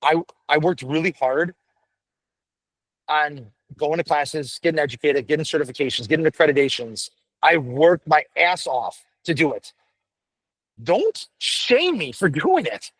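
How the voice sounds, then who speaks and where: A man's voice: on the high side, a little slow, no echo, rough recording. A middle-aged man, a veteran firefighter, talking bluntly and with lots of swearing as a podcast guest. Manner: blunt, profane, animated storytelling. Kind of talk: candid podcast conversation.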